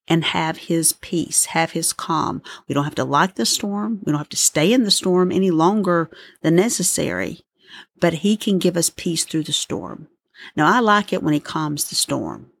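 Gravelly-voiced woman giving earnest encouragement. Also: low-pitched, no room sound, studio quality. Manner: earnest, gently pleading. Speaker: podcast host. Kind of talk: devotional encouragement talk.

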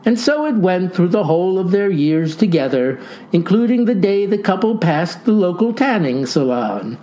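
A man's voice: high-pitched, sing-song, normal speed, mellow. Wry folksy male storyteller. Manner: dry, wry storytelling with folksy old-fashioned phrasing. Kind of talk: scripted comic narration.

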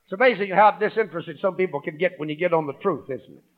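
A high-voiced man preaches a sermon at a fast clip, calling out to the congregation and reading scripture aloud. He swings between loud emphasis and hushed asides, and the audio is narrow and tinny.

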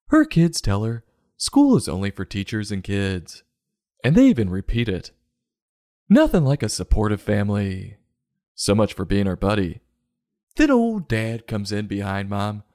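A man hosting a sarcastic comedy book review, mocking the story and breaking into loud silly voices. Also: on the low side, no room sound, studio quality. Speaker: podcast host.

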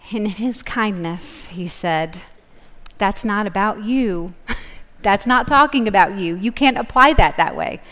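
A woman teaching a live Bible study, her voice a little high and carrying a long echo through a large hall. She talks in a relaxed, chatty way, laughing easily and checking in with her listeners. It sounds like a talk given from a stage to a room full of people. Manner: casual, laughing, keeps checking in with "okay?". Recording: echoey hall.

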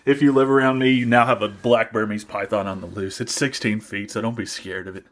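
A man's voice: fairly low pitch, steady tone, a little fast. A young man hosting a podcast, delivering a profane, mock-angry comedic rant. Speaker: podcast host.

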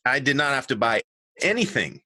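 A middle-aged man, an author and designer, telling stories as an interview guest in an earnest, animated way that often corrects itself mid-sentence. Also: mid-range voice, a little fast, husky, dry recording. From United States. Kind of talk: conversational storytelling.

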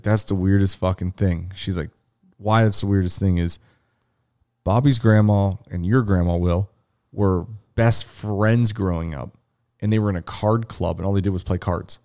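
A man's voice: low voice, steady tone, moderate pace, mellow. A young adult man co-hosting a podcast, telling a long, profane story in a casual chat and acting out the quotes. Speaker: podcast co-host.

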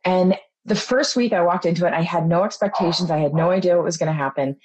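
A woman's voice: on the low side, fast, a little mellow, no room sound, poor audio. A mother speaking as an interview guest, sharing her story in a heartfelt, openly emotional way. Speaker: mother and program participant, guest. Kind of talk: personal testimonial in an interview.

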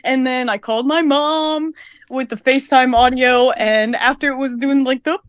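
A woman's voice: high voice, fairly even intonation, moderate pace, clear, resonant tone, dry recording. A woman in her twenties, a podcast co-host telling a story in a rambling, breezy way. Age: 20s. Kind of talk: casual chat.

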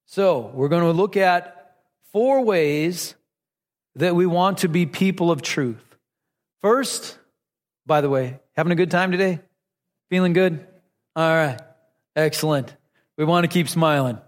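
A man's voice: fairly high pitch, unhurried, pauses often, long reverb tail. A man preaching a sermon to a congregation, asking them questions and repeating lines for emphasis. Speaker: pastor.

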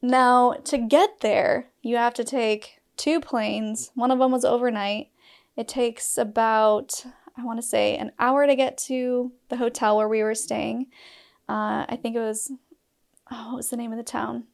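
A woman's voice: a little high, steady tone, measured pace, vocal fry. Candid woman telling a personal story. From Utah. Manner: candid and emotional, with laughs and asides. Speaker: storyteller sharing a personal experience.

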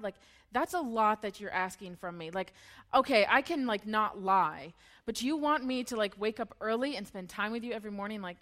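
A woman's voice: mid-range voice, a bit bright. A young woman giving a casual, playful sermon, retelling a story in slangy voices and laughing often.

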